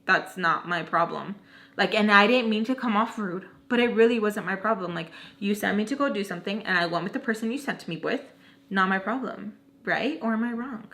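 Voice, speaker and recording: A young woman tells a story from her own life in a loose, chatty way, with "like" in nearly every sentence. Her voice is bright and forward, at an ordinary middle pitch. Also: fairly quick. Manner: chatty, filler-heavy with "like". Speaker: vlogger telling a story. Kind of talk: casual storytelling.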